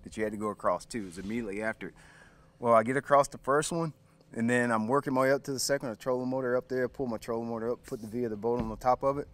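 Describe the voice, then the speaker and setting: A man's voice: mid-range voice, rapid-fire, fairly bright tone. An American man who is a guest on a podcast, telling a story in an easygoing, modest way. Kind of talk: casual storytelling.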